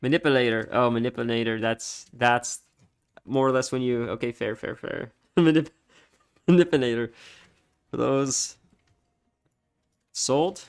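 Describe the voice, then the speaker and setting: A man's voice: mid-range voice, steady tone, measured pace, pauses often, clean tone. A man streaming a game, telling rambling stories with a casual, chatty manner and frequent laughter. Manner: rambling storytelling, laughs often. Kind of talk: casual gameplay commentary.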